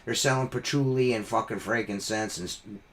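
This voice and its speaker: A man's voice: fairly low pitch, normal speed, noisy background. A man hosting a podcast, telling a rambling, profane story in casual chat. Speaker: podcast host.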